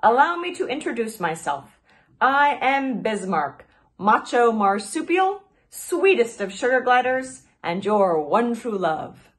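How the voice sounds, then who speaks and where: A woman voicing a vain, loud-mouthed little male sugar glider with a shrill voice. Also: sing-song, takes it slowly, hardly any pauses. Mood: smitten. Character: boastful pint-sized male sugar glider.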